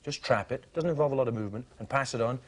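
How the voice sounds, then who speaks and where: A man, a comedy performer riffing in deadpan scripted banter. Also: mid-range voice, racing.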